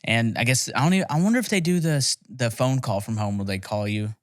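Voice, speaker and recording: A man's voice: medium pitch, fast, no echo, studio quality. A young man telling rambling, profane stories in a casual podcast chat. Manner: rambling, profane storytelling with laughs. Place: podcast studio.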